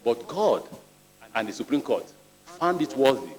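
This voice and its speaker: A man's voice: medium pitch, very animated, measured pace, darkish tone, faint music behind. A middle-aged Nigerian man, a ministerial nominee, answering senators' questions at a screening in an earnest, plain-spoken way, telling anecdotes as he goes. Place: large legislative chamber. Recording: reverberant hall.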